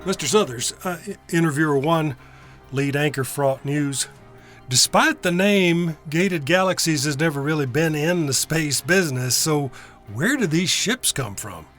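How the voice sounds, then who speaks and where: An actor playing a brisk TV news interviewer in an audio drama who asks probing questions. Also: male voice, fairly high pitch, animated, fairly bright tone, faint music behind.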